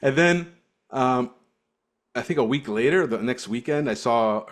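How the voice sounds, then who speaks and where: A man's voice: mid-range voice, expressive, unhurried. A man co-hosting a podcast, telling stories in casual chat with frequent laughter and restarts, from Cyprus. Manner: storytelling, laughs often, restarts. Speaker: podcast co-host.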